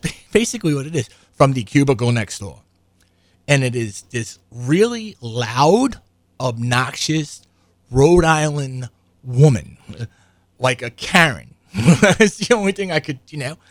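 A man's voice: a little high, dry recording. An older man telling a rambling, profane story in casual monologue, full of asides and restarts. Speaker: show regular.

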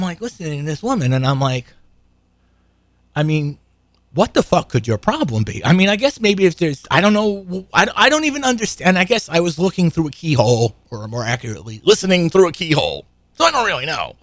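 A man's voice: medium pitch, fairly bright tone, no room sound. An older man telling a rambling, profane story in casual monologue, full of asides and restarts. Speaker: show regular.

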